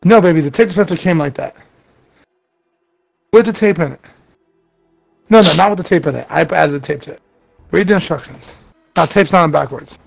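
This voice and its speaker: A man's voice: a little high, a little fast, gravelly, long pauses. A man streaming games and chatting casually, blunt and swearing freely. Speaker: gaming streamer and company owner. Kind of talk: casual gaming chat.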